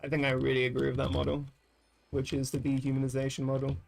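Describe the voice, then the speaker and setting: A man's voice: medium pitch, monotone, fast talker, creaky, darkish tone. A man streaming while gaming, thinking aloud in loose, rambling casual chat with frequent swearing. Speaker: livestreamer.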